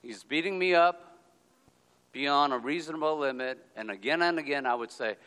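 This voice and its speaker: A man giving a personal storytelling talk, speaking in deliberate, drawn-out phrases with pauses and checking in with "okay?". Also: on the high side, pushed and bright, clear, resonant tone. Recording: long hall reverb.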